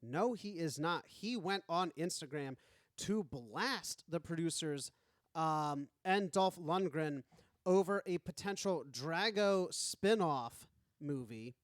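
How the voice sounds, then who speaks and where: Chatty podcast co-host with a high voice. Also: male voice, lively intonation, slow, no echo, studio quality. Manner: chatty, jokey, trails into laughs. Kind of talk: casual chat.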